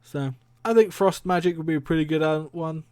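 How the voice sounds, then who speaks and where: A man talks on his own stream in a loose, rambling way, laughing often and swearing without a second thought. His voice sits a little high for a man. The sound is dry and close. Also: fairly even intonation, brisk, warm tone, clear, resonant tone, no echo. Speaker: streamer and podcast host. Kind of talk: casual solo stream talk.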